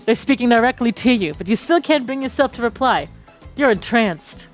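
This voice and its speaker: A woman's voice: a little high, expressive, normal speed, faint music behind. A woman streamer reading a game's story text aloud and cracking jokes between the lines, laughing often. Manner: playful, laughs often, breaks off to joke. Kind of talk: reading game text aloud with casual commentary.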